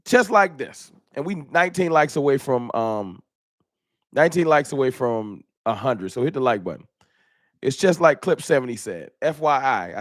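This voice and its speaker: A man hosts a live fan talk stream, chatting in a loose, slangy, animated way. His voice sits in a middle range. The sound is dry and close with no room echo. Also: medium pitch. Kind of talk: casual live-stream chat.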